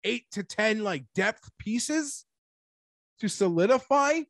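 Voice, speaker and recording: A man hosting a casual sports talk show, animated and rambling, talking like an emphatic fan. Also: sits high, slow pace, no room sound, clean studio sound. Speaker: sports podcast host.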